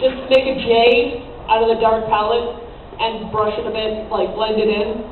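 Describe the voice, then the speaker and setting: A woman's voice: fairly high pitch, fairly even intonation, moderate pace, a little hiss or hum. A young woman giving a casual convention panel talk, joking and teasing as she goes. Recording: echoey, distant, tinny audience recording.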